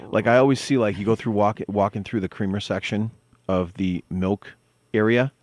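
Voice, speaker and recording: A man's voice: on the low side, steady tone, normal speed, no room sound. A man from Boston with a Boston accent, co-hosting a casual chat and telling stories with easy laughs. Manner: chatty storyteller, laughs easily.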